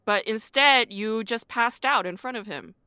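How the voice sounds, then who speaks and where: A woman's voice: a little high, measured pace, pushed and bright, clean tone, no room sound. A woman hosting a casual podcast chat, playfully spinning hypothetical scenarios for her guest. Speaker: podcast host.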